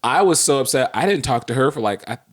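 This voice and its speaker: A man co-hosting a podcast, telling a story in a casual chat, animated and laughing, acting out the quotes in quick bursts. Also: mid-range voice. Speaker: podcast co-host.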